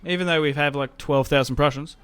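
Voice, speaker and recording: Chatty man, fairly high voice. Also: brisk, clean tone. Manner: chatty, rambling, self-mocking with sudden excited outbursts. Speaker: gaming YouTuber. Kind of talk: casual Let's Play commentary. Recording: game music playing faintly behind.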